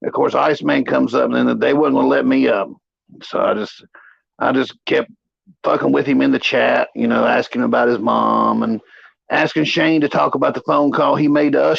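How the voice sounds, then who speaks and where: A man's voice: medium pitch, gravelly, breathy edge, no echo, lo-fi sound. A man co-hosting a casual livestream chat, rambling through stories with crude language. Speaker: co-host.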